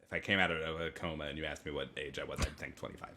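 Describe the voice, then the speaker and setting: A man's voice: extremely low pitch, fairly even intonation, racing, creaky, noisy background. A man in his thirties co-hosting a comedy podcast, chatting casually with dry, self-deprecating humor. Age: 30s. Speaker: podcast co-host.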